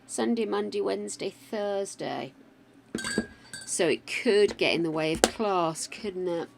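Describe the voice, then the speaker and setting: Slow, wobbly-voiced older woman. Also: mid-range voice, vocal fry, noisy background. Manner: chatty, greets viewers by name, thinks aloud. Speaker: game streamer. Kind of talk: casual live-stream chat while playing.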